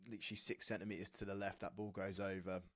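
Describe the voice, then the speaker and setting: A man's voice: sits low, flat delivery, fast, a bit bright, no room sound, clean studio sound. An English man in his thirties hosting a rugby podcast, chatty and matey, calling his guest "mate". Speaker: podcast host, former rugby player. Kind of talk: casual podcast chat.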